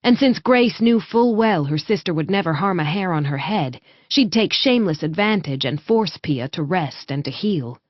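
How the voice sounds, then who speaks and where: Audiobook narrator: woman, low voice, measured read, dry and slightly muffled sound. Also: no echo. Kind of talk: scripted narration.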